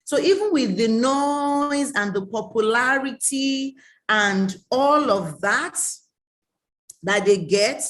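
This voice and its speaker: A woman's voice: on the high side, animated, slow, fairly bright tone. A woman, giving an emphatic online coaching talk, scolding and repeating her warnings. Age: late 30s. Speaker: mentoring coach.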